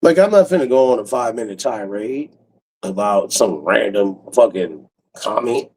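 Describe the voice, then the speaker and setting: Male livestreamer, rough gravelly voice, lively swinging pitch, casual rambling talk full of swearing and laughs. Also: normal speed, poor audio. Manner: loose, profane, rambling, laughs often. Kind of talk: casual late-night livestream chat.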